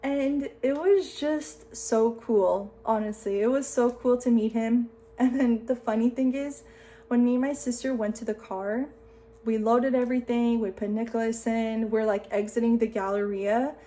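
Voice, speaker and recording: Chatty excitable woman in her twenties. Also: a little high, normal speed. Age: 20s. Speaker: vlogger. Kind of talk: casual storytelling to camera.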